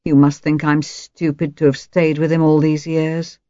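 A woman voicing a nervous, bitter young wife who speaks in a hoarse, soft voice and breaks out shrilly at times. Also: medium pitch, animated, moderate pace, no echo, highs cut off, lightly acted. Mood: self-loathing. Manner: quavering, bursts out shrilly. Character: anxious battered wife, woman, bitter and self-mocking.

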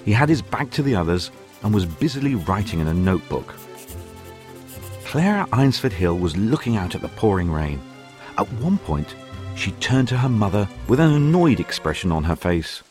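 A man reads a storybook in a very deep voice with a lively, rising and falling delivery. Faint music plays beneath his narration. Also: normal speed. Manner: expressive, acts out every character.

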